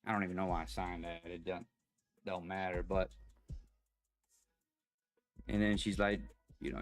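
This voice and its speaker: A man telling a personal story in a halting, rambling way, pausing as the emotions come back. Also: low-pitched, level tone, faint music behind. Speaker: vlogger.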